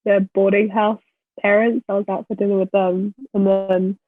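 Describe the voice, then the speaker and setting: A young woman with an Australian accent, joining a podcast as a guest and teasing her friend with frequent laughter. Her voice is slightly husky. She comes through a tinny, phone-like call line, dry with no room sound. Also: mid-range voice, level tone, moderate pace, dry recording. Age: young adult. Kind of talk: casual chat.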